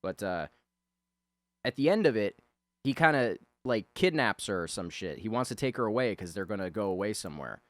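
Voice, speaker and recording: A man with a fairly low voice rambles in a loose, profane way, chuckling as he goes. His pitch swings widely from one phrase to the next. The sound is dry and close. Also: sing-song, a little fast, no echo. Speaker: artist talking over a drawing. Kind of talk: casual rambling commentary.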